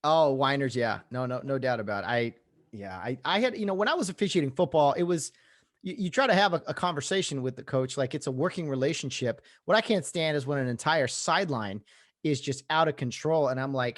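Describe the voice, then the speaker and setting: A man's voice: medium pitch, brisk. Easygoing male podcast host. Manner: easygoing, laughs along often. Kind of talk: casual interview chat.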